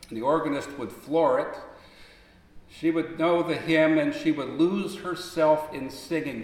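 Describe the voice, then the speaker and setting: A man preaching a sermon, telling stories, then rising into emphatic appeals before dropping back to a soft voice. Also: mid-range voice. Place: large church sanctuary. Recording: long echo of a large church hall.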